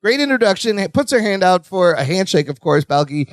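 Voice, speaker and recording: A man's voice: high-pitched, big pitch swings, brisk, dry recording, clean studio sound. A man co-hosting a podcast, chatting casually and animatedly as he recaps a sitcom episode, laughing often. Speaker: podcast co-host.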